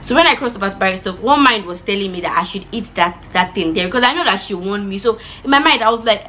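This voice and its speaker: A woman telling a childhood story in a chatty, animated vlog style with lots of asides. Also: mid-range voice, fast talker, few pauses, a little hiss or hum, rough recording. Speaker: vlogger.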